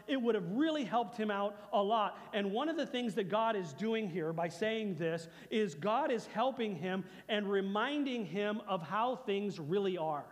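A man's voice: high-pitched, big-room sound. A man preaching a conversational sermon as pastor, repeating phrases for emphasis. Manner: conversational preaching, repeats phrases, acts out God's lines softly.

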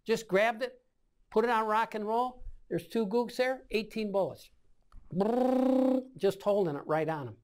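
A man's voice: high-pitched, moderate pace. A man in his seventies, a war veteran, recounting combat memories in an oral-history interview, acting out scenes with sound effects. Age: 70s.

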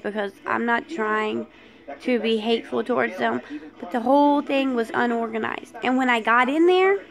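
A woman's voice: sits high, gravelly, fairly bright tone. A woman vlogger frankly telling a personal story, aggravated at how she was treated.

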